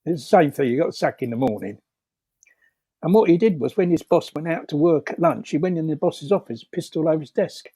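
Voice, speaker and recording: A man's voice: a little high, animated, a little fast, warm tone, breathy edge, dry recording. A man telling rambling anecdotes over a video call, laughing often, with many fillers and restarts. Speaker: storyteller guest.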